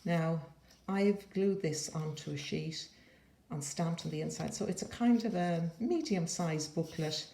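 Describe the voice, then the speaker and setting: A low, gravelly woman rambles cheerfully through a paper-craft flip-through, tossing in playful asides. Her tone is mellow, and the room around her echoes noticeably. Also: measured pace. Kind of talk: casual show-and-tell flip-through.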